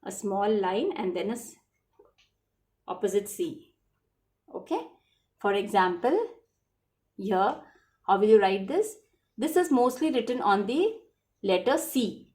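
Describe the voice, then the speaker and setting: A woman's voice: medium pitch, lively intonation, a little slow, pauses often, darkish tone. Patient woman teaching children French. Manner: patient, repetitive, spells words letter by letter. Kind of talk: classroom lesson explaining spelling.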